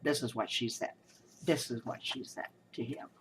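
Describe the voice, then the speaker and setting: A woman's voice: very deep voice, moderate pace, fairly bright tone, a little hiss or hum, poor audio. A woman giving casual spoken commentary, telling her story in an indignant, emphatic and rambling way. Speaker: commentator recounting a hospital experience.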